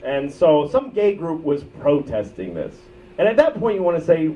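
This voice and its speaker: A man in his thirties doing live stand-up, profane and ranting, swinging from loud outbursts to low muttered asides. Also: very animated, moderate pace, few pauses. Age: 30s. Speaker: stand-up comedian. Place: comedy club stage. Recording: muffled bootleg recording from a distance with loud crowd noise. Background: audience laughter.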